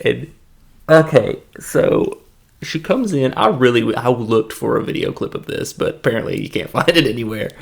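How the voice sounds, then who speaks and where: A man talks through a film in a loose, rambling review, laughing often as he retells scenes. His voice sits at a middle pitch with a gravelly, creaky texture. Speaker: movie reviewer. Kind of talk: casual film review monologue.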